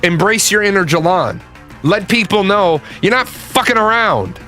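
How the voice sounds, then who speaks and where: Blunt, bright-voiced man ranting. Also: high-pitched, animated, normal speed, soft background music. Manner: blunt, profane, emphatic. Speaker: political commentator. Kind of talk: casual opinion rant.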